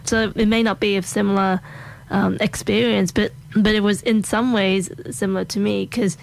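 An Australian woman hosts a casual chat. She sounds friendly and easygoing, and she laughs readily as she asks questions and tells her own story. Her pitch sits in an ordinary middle range. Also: fairly even intonation, moderate pace, creaky. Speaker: host.

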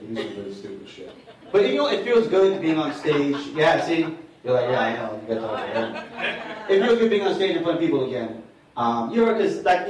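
A man's voice: on the high side, darkish tone, heavy reverb, distant mic, poor audio. A man doing a stand-up set on a bar stage, with loose, profane, self-mocking storytelling. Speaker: stand-up comedian.

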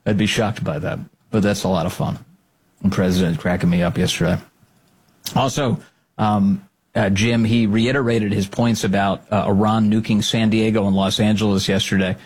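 A man's voice: lowish voice, moderate pace, slightly rough. A man hosting a political podcast, commenting sarcastically on played clips with frequent laughter. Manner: sarcastic, laughing, animated asides.

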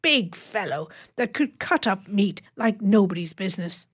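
Woman narrator as an older housewife, homely rambling chatter, lively ups and downs. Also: medium pitch, a little slow, slightly rough. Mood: reminiscing.

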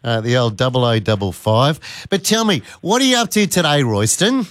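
A man's voice: medium pitch, big pitch swings, moderate pace, fairly bright tone. A man hosting talkback radio, chatting with callers in a cheeky, jokey way. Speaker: radio host. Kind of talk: casual talkback radio chat.

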